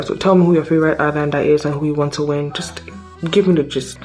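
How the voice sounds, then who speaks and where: A woman's voice: low-pitched, darkish tone. A woman in her twenties from Nigeria, chatting casually and self-mockingly about books on her vlog, easily sidetracked. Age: 20s. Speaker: booktuber.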